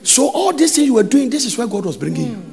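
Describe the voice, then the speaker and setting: A Ghanaian man preaching to his congregation, his high voice leaping wildly up and down as he swings into shouts and sung lines. There is a gravelly edge to his tone, and a long hall reverb trails every phrase. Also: big pitch swings, fast. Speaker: pastor. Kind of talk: sermon.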